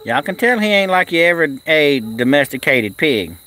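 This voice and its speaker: A man's voice: on the high side, very animated, normal speed, pushed and bright. A man chatting casually on a live stream outdoors at a kennel, cooing at his animals and answering the chat in a folksy way.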